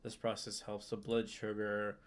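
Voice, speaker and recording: A young man with a low voice works through his study notes aloud, reading a passage and then talking it over. He talks in a loose, casual way, full of ums and restarts. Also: completely flat delivery, a little slow. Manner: reads text aloud then explains loosely with fillers and restarts. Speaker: student streamer.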